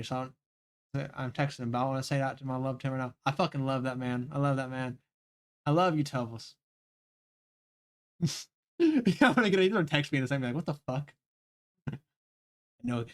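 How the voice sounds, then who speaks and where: A young man chatting casually on a live stream while playing a game, swearing freely and laughing often. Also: mid-range voice. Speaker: livestreamer.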